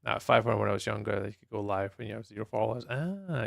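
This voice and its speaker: A man's voice: lowish voice, lively intonation, quick pace, vocal fry, no echo, clean studio sound. A Scottish man streaming a game live, chatting casually with viewers in a rambling way and laughing easily. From Scotland. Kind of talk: casual chat while playing a game live.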